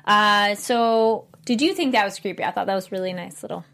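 A woman hosting a casual anime discussion podcast, animated and quick to laugh, acting out quoted lines. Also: medium pitch, gravelly. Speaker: podcast host.

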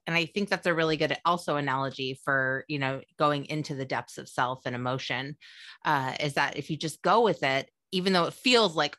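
A therapist co-hosts a laid-back podcast and talks the way she would in her practice, chatting animatedly and laughing often. Her voice is low but bright and forceful, and she speaks fairly quickly. The recording is close and dry.

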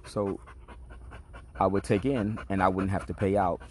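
A man with a very deep, low voice tells a rambling personal story on his podcast. He talks in a laid-back, streetwise and profane way, with a faint hiss of noise behind him. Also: fairly even intonation, brisk. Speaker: podcast host. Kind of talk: casual storytelling monologue.

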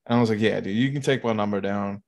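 A man telling a story in casual, profane chat. He is animated and swears a lot, and he acts out the people in his story. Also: fairly low pitch, quick pace.

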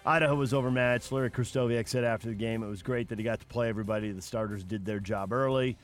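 A man hosting a sports radio show, briskly running through scores and handing off to his co-host. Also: medium pitch, steady tone, soft background music. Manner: brisk, reads scores then asks co-host.

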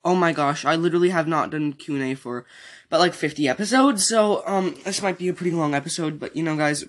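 Young man, sore throat, rambling podcast host, fairly high voice, lots of ums. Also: quick pace. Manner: rambling, many fillers and restarts. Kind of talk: casual solo podcast, reading listener comments.

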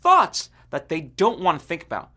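A man's voice: on the high side, huge pitch swings, moderate pace, sharp tone, slightly rough. A man hosting a podcast, delivering an earnest, reflective scripted monologue. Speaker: podcast host.

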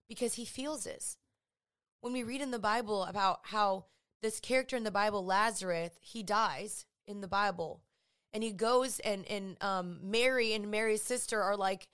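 A woman's voice: mid-range voice, moderate pace, fairly bright tone, smooth. A woman giving a casual devotional talk. She speaks earnestly and conversationally and tells vivid stories. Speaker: Christian speaker.

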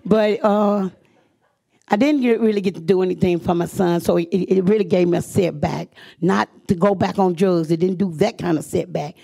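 Gravelly woman telling her story. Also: on the low side, fairly even intonation, normal speed, warm tone. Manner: earnest, emphatic, repeats phrases for weight. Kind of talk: live personal storytelling to an audience.

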